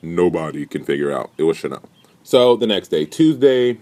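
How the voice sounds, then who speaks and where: A young man recapping a reality show in a casual, profane, animated rant. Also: low voice, normal speed. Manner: profane, animated, indignant storytelling.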